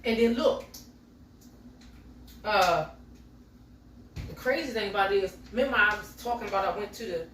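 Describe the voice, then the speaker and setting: A middle-aged home baking vlogger chats with her viewers, calling them y'all, as she bakes. Her voice is mid-range and a bit bright, at a moderate pace with frequent pauses. There's slight background noise, and the mic is distant in an echoey kitchen.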